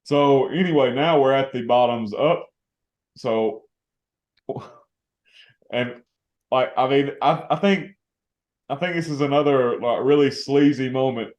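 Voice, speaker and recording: A man hosting a podcast in a relaxed, rambling, casual chat. His voice sits in the middle range and carries a noticeable roomy echo. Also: mid-range voice, unhurried, pauses often, highs cut off. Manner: relaxed, rambling, laughs often. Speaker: podcast host. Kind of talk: casual film discussion.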